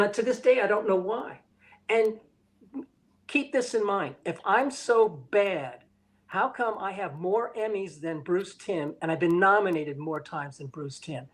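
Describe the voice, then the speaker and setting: A high-pitched older man is heard on poor audio. He's an animation director telling frank stories during an interview, speaking bluntly, cursing, and acting out the things others said to him.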